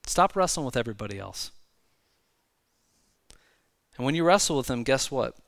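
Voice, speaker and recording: A man's voice: mid-range voice, expressive, vocal fry, dry recording, clean studio sound. Man preaching a conversational sermon. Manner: conversational preaching with frequent asides and quick restarts. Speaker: pastor. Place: church sanctuary.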